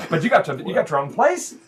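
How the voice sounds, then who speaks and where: A man's voice: high-pitched, sing-song, normal speed, a little hiss or hum, voice pushed up. A man voicing a fussy, doting old male goblin blacksmith who is a stepfather, in a folksy, chatty, teasing way. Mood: insistent. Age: older.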